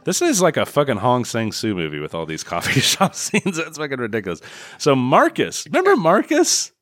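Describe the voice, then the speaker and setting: A man's voice: medium pitch, wildly swooping pitch, brisk, a bit bright, no room sound, clean studio sound. A man recapping a film scene by scene in casual, profane chat, laughing and acting out lines. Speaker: podcast co-host reviewing a film.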